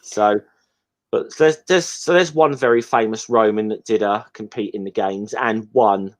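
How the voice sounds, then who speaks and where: A man's voice: lowish voice, unhurried. Hesitant man rambling through commentary. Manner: hesitant, rambling, full of ums. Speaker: podcast co-host. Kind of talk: casual film commentary chat.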